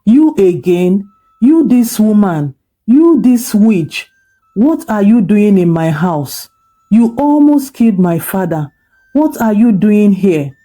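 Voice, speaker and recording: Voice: mid-range voice, sing-song, takes it slowly, voice pushed up. A storyteller voicing an angry, defiant teenage girl who hurls accusations. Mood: furious. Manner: shouting accusations. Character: furious teenage girl, sharp-tongued and defiant.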